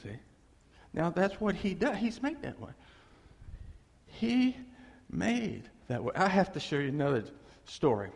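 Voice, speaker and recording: Animated preacher in a reverberant hall. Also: male voice, high-pitched, a little slow, gravelly, pauses often, breathy edge. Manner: animated, emphatic, acts out quotes. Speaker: pastor. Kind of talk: sermon. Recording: long reverb of a big hall.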